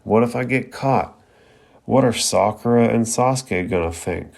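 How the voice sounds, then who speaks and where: A man's voice: mid-range voice, unhurried, vocal fry, a little mellow. A man reading as a panicky teenage boy ninja. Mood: worried.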